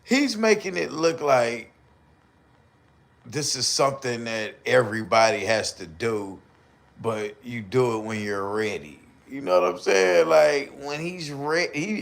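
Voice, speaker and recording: A man with commentating a live stream, ranting and joking loudly with slang and mocking put-on voices. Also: medium pitch, creaky. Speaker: streamer reacting to videos.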